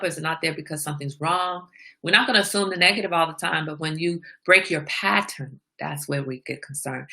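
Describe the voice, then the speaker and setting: Bright-voiced woman hosting a casual chat stream. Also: lowish voice. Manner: animated storytelling with frequent laughter; candid, confiding. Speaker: livestream host.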